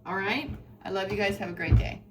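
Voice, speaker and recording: A woman's voice: medium pitch, fairly quick, music in the background. A woman giving a tarot reading to her viewers in an effusive, rambling, spiritual way. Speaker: tarot reader.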